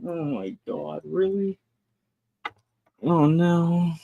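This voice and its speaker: A man hosting a casual livestream, chatting about his toys in an animated, talkative way, laughing often and swearing now and then. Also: a little high, very slow, creaky, lo-fi sound, noisy background. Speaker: livestream host.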